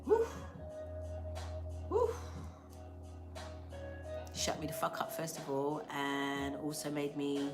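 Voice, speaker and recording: A woman telling a story casually to a livestream audience, animated and slangy, acting out the lines of the people in it. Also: low voice, moderate pace, hardly any pauses, music in the background. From England. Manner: animated, slangy, acts out dialogue. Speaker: spiritual livestream host.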